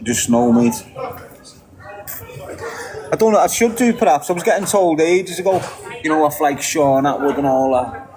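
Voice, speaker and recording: A man's voice: a little high, brisk, a little mellow, a little hiss or hum, low-quality recording. A middle-aged man with a Liverpool accent talking bluntly and candidly to his viewers, swearing freely as he answers their questions. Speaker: channel host answering viewers. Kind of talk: candid casual monologue.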